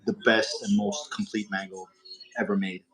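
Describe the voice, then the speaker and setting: A man hosts a livestream from a lounge in a slightly low voice. He rambles and restarts his sentences, with plenty of fillers along the way. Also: little pitch movement, normal speed, a crowd in the background, rough recording. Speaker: livestream host. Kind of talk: casual livestream chat. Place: hookah lounge.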